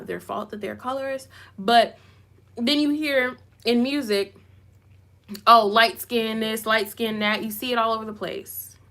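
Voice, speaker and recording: Woman vlogger, lively commentary, bright forceful tone, slightly high, emphatic repeats. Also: vocal fry. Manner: self-described goofy. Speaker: YouTuber. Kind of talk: live commentary reading comments.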